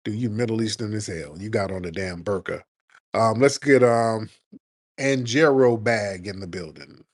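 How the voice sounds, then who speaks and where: A man hosting a live call-in comedy talk show, brash and mocking, roasting his callers with loud animated energy. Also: on the low side, normal speed, no room sound, studio quality. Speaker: radio show host.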